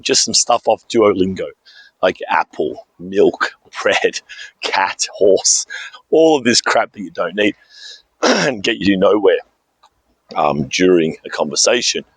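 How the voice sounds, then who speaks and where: An Australian man telling a rambling anecdote in a casual vlog, dotted with "right?", while clearing a sore throat now and then. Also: low voice, expressive, unhurried, dry recording. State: throat trouble, clearing throat and coughing. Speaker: vlogger.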